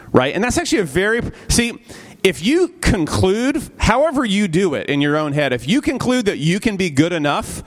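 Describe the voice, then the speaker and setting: A man with a slightly high voice leads a church Bible study class. He talks in an easy conversational way, keeps asking the group questions and adding "right?", and briefly acts out the characters he quotes. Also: big pitch swings, moderate pace, few pauses. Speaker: teacher leading a Bible study. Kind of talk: interactive church class lecture.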